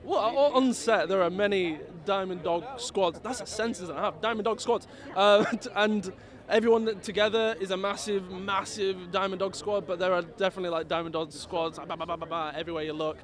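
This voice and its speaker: A man's voice: high voice, steady tone, brisk. A man at an outdoor red carpet premiere, rambling and giggly, poking fun at himself. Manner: giggly, rambling, self-deprecating. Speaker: cast member. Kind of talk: casual red carpet chat. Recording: loud crowd behind.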